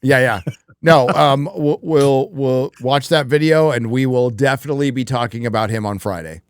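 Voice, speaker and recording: A mid-pitched man hosting a live stream in plain, blunt speech peppered with swearing. His voice sits close and dry on the mic with no room around it. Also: normal speed, smooth, no room sound. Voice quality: profane, blunt. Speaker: livestream host. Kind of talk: casual live stream chat.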